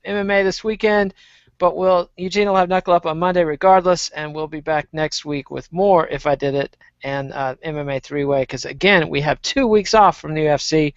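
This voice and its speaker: A man's voice: a little high, normal speed, clear, resonant tone, dry recording. Easygoing male podcast host, dry lo-fi sound. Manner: easygoing, wraps up the show with plugs. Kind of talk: casual chat. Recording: dry, dull lo-fi podcast audio.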